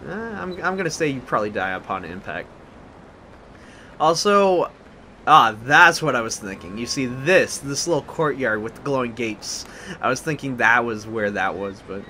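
A young man hosting a blind let's play, rambling and flustered, with many restarts when he gets excited. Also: medium pitch, a little hiss or hum.

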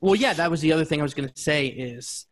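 Young dude cohosting a podcast, kinda higher voice, cracking jokes and laughing. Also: male voice, fast. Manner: animated, laughing, joking. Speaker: podcast co-host. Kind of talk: casual chat.

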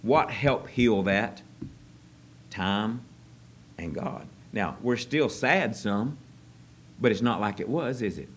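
Folksy preacher man, soft to loud. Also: lowish voice, slow, long pauses, a little hiss or hum. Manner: folksy, joking, swings from soft to loud excited. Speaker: pastor. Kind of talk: sermon. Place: church service.

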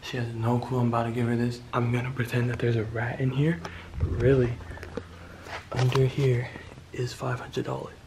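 A young man talks to his camera in a relaxed prank vlog. He is playful and teasing and keeps breaking into laughter. A faint noise sits behind his mid-pitched voice. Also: normal speed. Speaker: vlogger.

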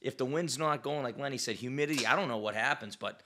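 A man's voice: mid-range voice, quick pace, pushed and bright, a little hiss or hum. A man who is a firefighter, a guest on a podcast, explaining things in a plain, matter-of-fact way. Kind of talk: casual chat.

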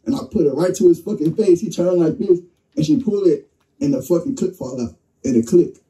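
Young guy telling a wild story all fired up, kinda higher voice, sounds far off. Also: fairly quick. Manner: excited, vivid, acts out quotes. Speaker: interview guest. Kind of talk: animated storytelling.

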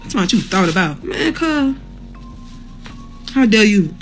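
A woman in pain chats live with her viewers from a hospital room. Her voice sits at a middle pitch and her talk is blunt and full of cursing, broken up by laughter. Faint music plays behind her. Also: big pitch swings, measured pace. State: in pain, near tears. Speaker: livestreamer reading viewer comments. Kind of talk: casual live chat with viewers.

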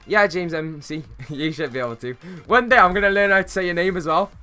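A young man livestreaming a football video game, talking in a slangy, easygoing way to his chat. His voice sits a little high and comes across bright and forward. Faint music plays behind him. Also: fairly quick, smooth. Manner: chatty, slangy, greets viewers, bursts of excitement at plays. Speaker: gaming streamer. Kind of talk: casual live-stream chat while playing.

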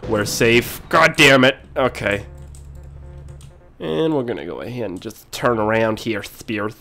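A man hosting a casual let's-play video while sick, clearing his throat often, excitable and quick to yell and swear when things go wrong. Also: medium pitch, faint music behind. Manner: excitable, swears and yells at mishaps. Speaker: gaming video host.

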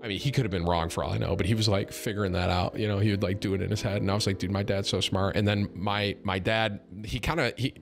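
Rambling, self-mocking man, lowish voice. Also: steady tone, quick pace, gravelly, few pauses. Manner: rambling, repeats words, swears freely, self-mocking. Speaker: streamer. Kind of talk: casual storytelling to viewers. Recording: music playing underneath. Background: background music.

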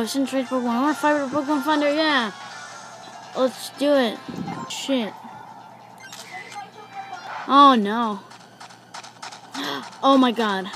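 Excitable high-voiced young woman gamer. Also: poor audio. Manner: excitable, swears a lot, gasps and shouts at the game. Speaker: gaming YouTuber. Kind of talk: let's play commentary.

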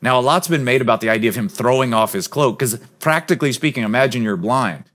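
A man preaching a sermon as pastor, earnest and emphatic, sometimes dropping to a soft, low voice. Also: expressive, quick pace. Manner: drops to a soft, low voice on key points.

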